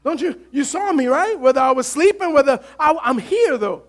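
A man voicing Jesus in a sermon retelling, speaking softly and calmly. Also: moderate pace. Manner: soft, calm, low-key. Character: calm gentle male Jesus, reassuring.

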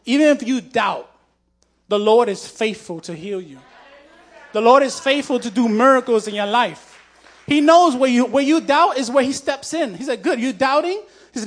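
A man with a strikingly high voice delivers a testimony sermon. He talks in a loose, conversational way, full of fillers and false starts, and stays heartfelt throughout. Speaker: preacher.

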